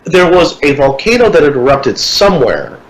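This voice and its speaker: Animated man telling a story, a little high. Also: moderate pace, rough recording. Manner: animated storyteller, swears freely, puts on voices for people in his story. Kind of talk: casual storytelling chat.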